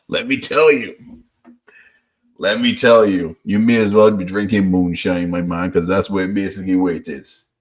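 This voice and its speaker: A man with a very low, deep voice, talking football in an easy, chatty way. He sounds relaxed and friendly, dropping the odd 'bro' as he goes. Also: measured pace. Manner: relaxed, chatty, calls people bro. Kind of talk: casual football chat.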